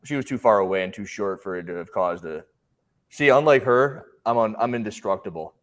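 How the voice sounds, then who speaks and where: A man co-hosting a podcast, telling stories in casual chat and acting out other people's lines in an animated way. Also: lowish voice, a little fast. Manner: animated, acts out voices in his stories. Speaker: podcast co-host.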